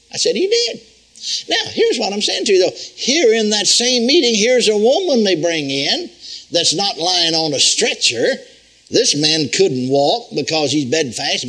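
An older man preaching a sermon in a folksy, animated teaching manner, repeating phrases for emphasis. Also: fairly high pitch, slightly rough, rough recording. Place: church healing school.

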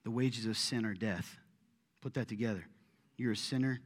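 A middle-aged male pastor giving a casual, joking, animated sermon in a church. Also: fairly low pitch, normal speed. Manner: conversational, joking, animated preaching. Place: church sanctuary. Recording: echoey hall, soft guitar behind.

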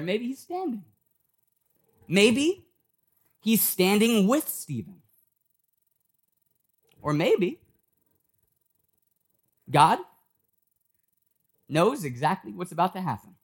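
Animated, conversational male preacher. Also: high voice, measured pace, pauses often, breathy edge. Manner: conversational preaching, acts out quoted voices. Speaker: pastor. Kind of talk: sermon. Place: church.

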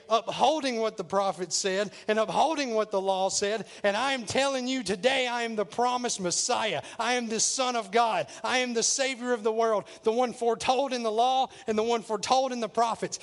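A male pastor preaching a sermon, retelling scripture in plain words and dropping to a low, quiet voice for emphasis. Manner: paraphrases scripture in plain modern speech.

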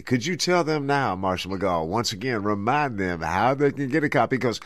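A man's voice: mid-range voice, sing-song, moderate pace, hardly any pauses, no echo, studio quality. A man hosting a radio talk show, reacting eagerly and introducing his guest. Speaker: radio host.

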